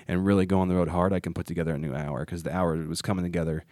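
A man's voice: low voice, steady tone, racing, mellow, no room sound, studio quality. A comedian hosting a casual podcast chat, rambling and restarting his sentences often. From Ohio, United States. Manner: rambling with frequent restarts and stammers. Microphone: studio mic.

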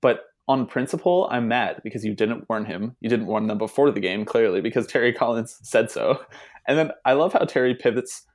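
A man co-hosting a casual sports podcast, animated and laughing as he acts out quotes. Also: mid-range voice, a little fast. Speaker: podcast co-host.

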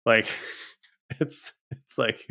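A man co-hosting a podcast, talking casually with many fillers and restarts and a frustrated tone. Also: bright, forceful tone. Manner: halting, filler-heavy, exasperated. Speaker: podcast co-host.

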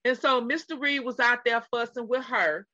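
Texan woman co-host, animated storyteller, bright voice, lo-fi dry recording. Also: normal speed, no echo. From Texas. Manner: animated retelling, acting out quotes in a high screaming voice. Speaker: podcast co-host. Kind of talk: casual storytelling chat.

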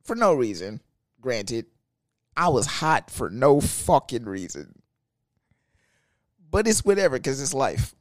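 A man's voice: medium pitch, slow, long pauses, no room sound, studio quality. A young man from Texas, telling a casual, profane and joking story about his work. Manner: profane, animated, ranting and joking. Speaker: storyteller vlogger.

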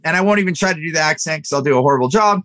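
A man in his thirties or older, a podcast guest, telling a story in an animated way with frequent restarts. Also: fairly high pitch, very fast, no echo. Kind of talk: storytelling interview talk.

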